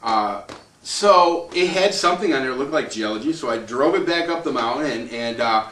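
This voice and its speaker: A landowner telling a long personal story in a casual, rambling way, chuckling and acting out what other people said. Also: male voice, mid-range voice, expressive, moderate pace, fairly bright tone. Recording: roomy echo, distant mic, faint noise.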